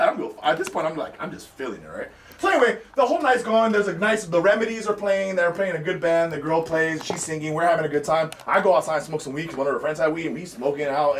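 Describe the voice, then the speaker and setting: Fast-talking high-voiced man telling a story. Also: roomy sound, recorded from a distance, slight background noise. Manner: animated, profane storytelling. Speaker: podcast host. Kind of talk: casual storytelling chat.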